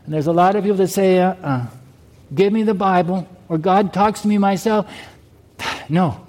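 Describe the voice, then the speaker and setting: A man's voice: high voice, normal speed, darkish tone. A male pastor preaching a sermon, often asking the congregation whether they heard him. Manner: preaching with rhetorical questions to the congregation. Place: church sanctuary. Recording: long hall reverb.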